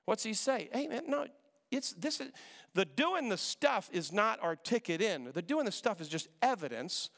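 Male pastor, slightly high gravelly voice, animated sermon delivery, long hall reverb. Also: moderate pace. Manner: animated preacher, acts out voices in quotes, repeats himself.

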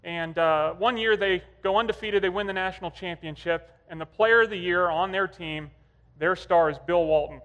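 High-voiced man preaching in a reverberant hall. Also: normal speed, a bit bright. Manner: conversational storytelling. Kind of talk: sermon.

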